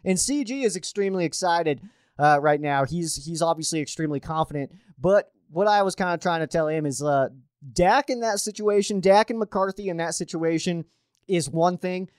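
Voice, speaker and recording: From home, a man hosts a sports show in a fairly high voice at a moderate pace, captured as clean studio sound without echo. He's chatty and casual, using fillers and restarting often.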